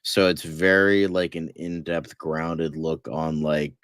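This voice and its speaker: A man's voice: rumbling low, steady tone, slow pace, fairly bright tone, clear, resonant tone, no echo, clean studio sound. A man chatting casually about horror movies as podcast co-host, rambling with lots of fillers and swearing freely.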